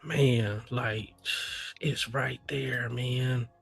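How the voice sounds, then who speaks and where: A man's voice: medium pitch, fairly even intonation, extremely slow, creaky, husky, faint music behind. A man co-hosting a trading livestream in casual slangy banter, feeling unwell and coughing a bit. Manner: laid-back slangy banter, hums and sings bits. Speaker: co-host trader.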